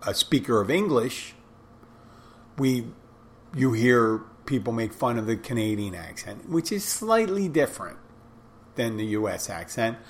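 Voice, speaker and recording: A man's voice: medium pitch, animated, measured pace, a little hiss or hum. A man talking casually on his own, rambling with restarts and asides, blunt and sometimes swearing. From United States. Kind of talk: casual monologue.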